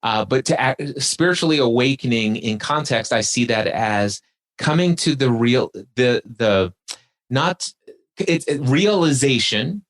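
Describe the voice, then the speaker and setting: A man guesting on a podcast speaks in a mid-range, slightly bright voice about spiritual awareness. The conversation is casual and reflective, and he guides the listener through spoken exercises.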